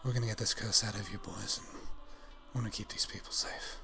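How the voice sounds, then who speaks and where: A man voicing a scheming older uncle in a tabletop game, speaking with slow, theatrical menace. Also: fairly low pitch, steady tone, creaky, over music, voice pushed down. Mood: fond. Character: scheming older male uncle, creepy and sly.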